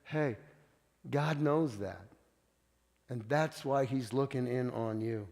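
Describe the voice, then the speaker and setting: Pastor preaching in a reverberant church hall. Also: male voice, mid-range voice, slow, gravelly, a little mellow. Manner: conversational storytelling with frequent restarts. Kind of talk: sermon.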